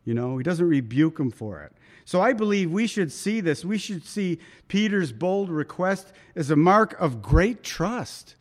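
A man's voice: high-pitched, big pitch swings, measured pace. A man preaching a conversational sermon, acting out quoted voices as he reads and comments on scripture. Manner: conversational, dramatic quoting of voices.

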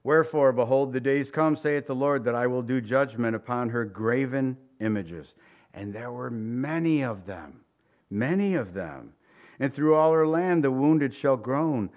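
A man preaching a verse-by-verse sermon, reading scripture aloud and then commenting in a relaxed, conversational way, sometimes acting out incredulous reactions. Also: medium pitch, a little slow. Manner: animated, acts out incredulous reactions.

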